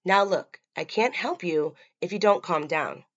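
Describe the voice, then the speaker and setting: Mujer haciendo de madre afligida, suave y amenazante. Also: female voice, on the low side, unhurried, no echo, highs cut off. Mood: soothing. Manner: soft, soothing, quietly menacing. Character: grieving middle-aged mother turned vengeful killer.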